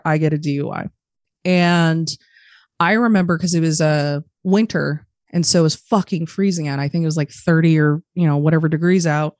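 A young adult woman on a podcast, candidly telling a personal story in a profane, animated way and acting out the voices of the people in it. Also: deep voice, dry recording, studio quality. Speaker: podcast guest.

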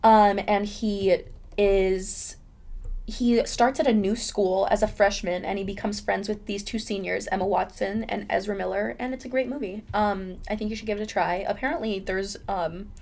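A woman's voice: mid-range voice, steady tone, normal speed, vocal fry, darkish tone. A young woman hosting her own podcast in casual chat, rambling and chatty, with lots of fillers and laughter. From United States. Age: young adult. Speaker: podcast host.

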